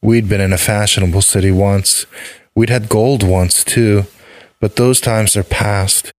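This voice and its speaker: A man narrating a dark fairy tale in the first person, measured and calm. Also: on the low side, dry recording. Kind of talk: scripted narration.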